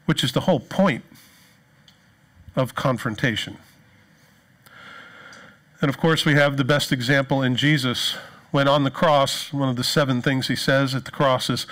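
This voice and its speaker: This pastor's sermon features animated storytelling in which he performs the people he quotes. He speaks at normal speed with a voice of medium pitch.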